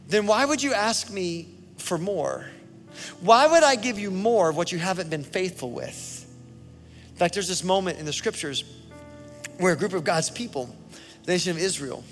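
A man preaching a sermon as pastor, emphatic, swinging between loud bursts and quiet asides. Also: high voice. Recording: reverberant hall with faint music.

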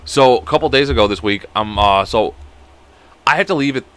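A man's voice: medium pitch, fairly quick, a bit bright, smooth. A young man casually telling a long story, rambling and profane, acting out the people he quotes. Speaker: podcast co-host.

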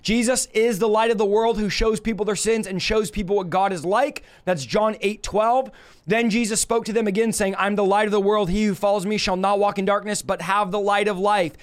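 High-pitched male preacher, emphatic livestream Bible teacher who addresses viewers directly. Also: fairly even intonation, moderate pace.

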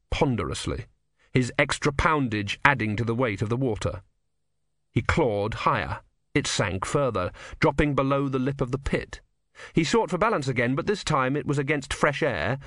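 A man reading an audiobook in a measured, wry storytelling manner. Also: mid-range voice, a bit bright, no room sound, studio quality. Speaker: audiobook narrator. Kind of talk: scripted narration.

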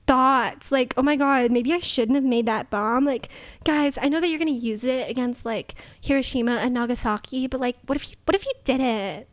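A woman's voice: sits high, moderate pace, no echo, lightly acted. A woman voicing a whiny, fretful man scientist in a silly cartoonish way. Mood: whiny pleading.

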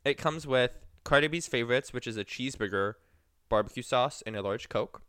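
A man's voice: medium pitch, fairly quick, fairly bright tone, smooth, dry recording, studio quality. A young man co-hosting a podcast, chatting casually and playfully while eating. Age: young adult. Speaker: podcast co-host. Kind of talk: casual chat.

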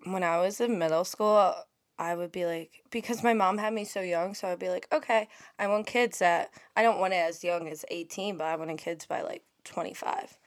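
A woman in her twenties co-hosting a casual podcast, relaxed and blunt, swearing now and then. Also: lowish voice, normal speed. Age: 20s. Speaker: podcast co-host. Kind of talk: casual chat.

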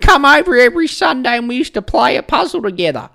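A man's voice: very high-pitched, very animated, fast, vocal fry, pushed and bright, a little hiss or hum, pitched above the performer's own voice, full character voice. A man voicing a confused, cheerful elderly grandmother with dementia who exclaims in wonder, in a podcast rant. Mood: delighted wonder.

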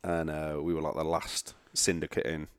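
A man hosts the show with a very deep voice and trades jokey, profane banter with his guest. His voice sounds close and dry in a casual interview setting. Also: completely flat delivery, moderate pace, clean tone, dry recording. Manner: matey, sweary banter. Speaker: podcast host.

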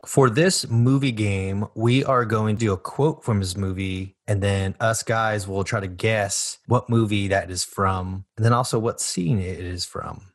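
A man hosting a casual podcast segment, leading a movie quote game in a relaxed, easygoing way. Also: lowish voice, unhurried, hardly any pauses, no room sound, studio quality. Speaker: podcast host running a movie quiz. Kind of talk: casual chat.

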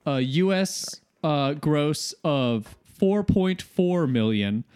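Man, podcast co-host, higher voice, very lively pitch, casual rambly reviewer. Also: slow, clean tone. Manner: animated, rambling with fillers. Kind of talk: casual movie review chat.

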